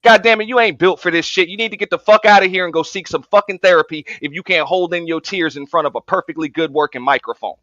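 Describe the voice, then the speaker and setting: A man's voice: sits high, fast talker, few pauses, bright, forceful tone, no echo. A man on an online panel, taunting in a profane, combative way, with a slightly muffled sound. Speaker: panel participant. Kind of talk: heated online debate. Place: online audio space.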